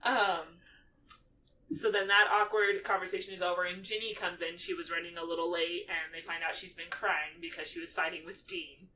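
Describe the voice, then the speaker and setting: Bright-voiced woman recapping a film. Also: on the low side, moderate pace, recorded from a distance, a little hiss or hum, rough recording. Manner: animated, acts out quotes in character voices. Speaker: podcast co-host. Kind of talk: casual movie recap chat.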